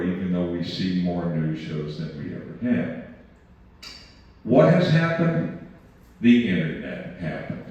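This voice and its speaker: A man's voice: lowish voice, a little mellow. Older man storytelling from across an echoey hall. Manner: folksy storytelling, digressive asides. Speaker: speaker at a community talk. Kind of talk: conversational lecture with anecdotes. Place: community meeting room. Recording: distant roomy mic in a reverberant hall, muffled.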